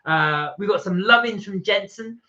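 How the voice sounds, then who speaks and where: A man's voice: high voice, normal speed, bright, forceful tone. Chatty man reading live chat. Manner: chatty, reads viewer comments aloud. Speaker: livestream co-host. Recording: dull lo-fi stream audio.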